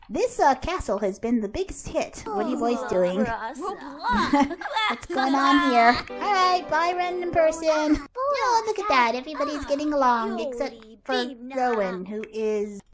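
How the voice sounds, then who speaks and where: A woman giving casual gameplay commentary as host of her channel, chatty and laughing often as she talks to her game characters. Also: sits high.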